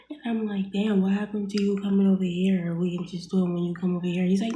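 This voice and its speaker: A young woman tells a story in a loose, casual vlog, with lots of fillers and blunt swearing. Her voice is mellow and warm. The room is echoey, and a faint hiss runs under her voice. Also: medium pitch, steady tone, fast talker, hardly any pauses. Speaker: vlogger.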